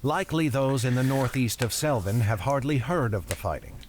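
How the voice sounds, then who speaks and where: A man voicing a measured, wary male wizard who speaks in a calm, deliberate way. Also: mid-range voice, slight background noise, lightly acted.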